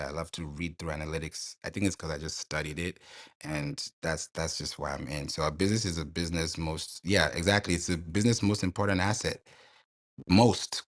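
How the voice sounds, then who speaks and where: A man talking in a live online audio room as a guest expert, explaining website and email marketing with eager, excited energy. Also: low voice.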